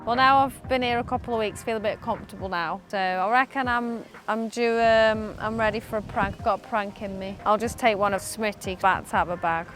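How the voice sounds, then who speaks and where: An upbeat woman talks freely in an interview, laughing easily between answers. Her voice sits at an ordinary middle pitch, and a clear music bed runs underneath her. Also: fairly even intonation, brisk, hardly any pauses. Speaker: professional cricketer. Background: background music.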